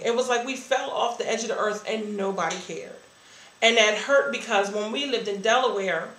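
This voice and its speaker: A woman's voice: mid-range voice, fairly bright tone, roomy sound, low-quality recording. A woman giving a candid, earnest personal testimony about her church life. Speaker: church member sharing a testimony.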